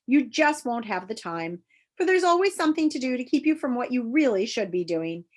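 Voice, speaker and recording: A woman's voice: on the high side, very animated, fairly quick, voice pushed up. A woman voicing a sly, sneering male demon of petty tasks in a storybook reading, menacing and coaxing. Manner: menacing, then soft and deceitful.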